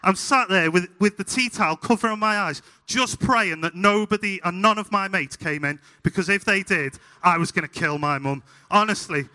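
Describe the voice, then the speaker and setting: A young man with a Scouse accent from Liverpool, preaching a sermon told through funny, animated stories. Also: sits high, normal speed, hardly any pauses. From Liverpool, England. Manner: humorous, animated anecdotes. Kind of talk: sermon with storytelling. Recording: hall reverb.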